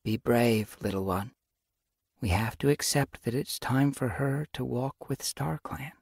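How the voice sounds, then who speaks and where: Man doing a gentle, consoling mother cat. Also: mid-range voice, unhurried, gravelly, slightly rough, no room sound, studio quality, pitched above the performer's own voice. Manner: soft, consoling.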